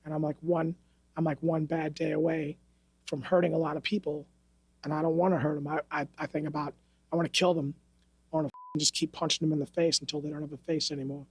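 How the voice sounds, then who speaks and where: A man's voice: fairly high pitch, little pitch movement, fast, husky, no room sound. A man from New York, a martial arts instructor, telling stories on a podcast in a blunt, profane, streetwise way. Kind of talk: casual interview storytelling. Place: podcast studio.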